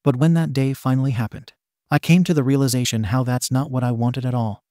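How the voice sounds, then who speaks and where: A man's voice: medium pitch, steady tone, a little fast, dark tone, no echo, studio quality, close to an everyday voice. A man voicing a bitter, scarred young male villain confronting his father in a fan fiction reading, menacing and accusing.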